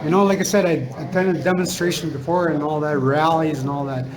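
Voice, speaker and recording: Middle-aged guy telling his own story, slightly high voice, keeps repeating himself, crowd noise behind. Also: steady tone, rough recording. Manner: halting and repetitive, circling back with fillers. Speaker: speaker sharing a personal story. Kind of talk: personal storytelling talk.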